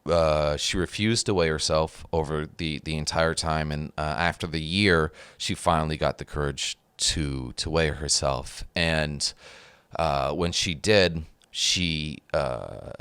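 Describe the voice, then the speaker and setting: A man's voice: very deep voice, takes it slowly, fairly bright tone, clean tone, no room sound. A man hosting a podcast, a trainer talking casually with lots of fillers and restarts. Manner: rambling, many fillers and restarts. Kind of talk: casual conversation.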